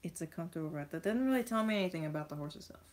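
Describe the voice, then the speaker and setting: A vlogger woman with a fairly low voice talks very fast and with lively intonation while unboxing toy horses. She rambles casually and reads bits of text aloud.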